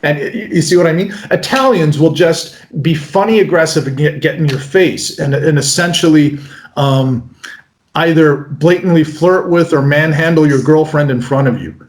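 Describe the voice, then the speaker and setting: A North American magician in his forties answering interview questions in a lively way. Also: fairly high pitch, normal speed. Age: 40s. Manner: animated, breaks into mock voices. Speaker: magician guest. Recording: roomy echo.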